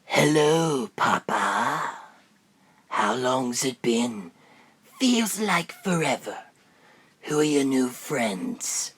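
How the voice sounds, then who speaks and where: A young man doing an impression of an evil ventriloquist dummy during a live phone stream, in a low, mocking put-on voice. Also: sing-song, extremely slow, pauses often, a bit bright, husky, exaggerated voice. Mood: taunting. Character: sinister male ventriloquist dummy, gleefully evil.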